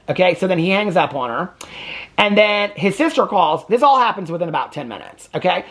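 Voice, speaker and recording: A man's voice: sits high, a bit bright. Sassy, chatty man recapping reality TV. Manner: addresses viewers with repeated "okay?". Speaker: reality TV reaction host. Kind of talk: casual reaction commentary. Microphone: camera on a tripod.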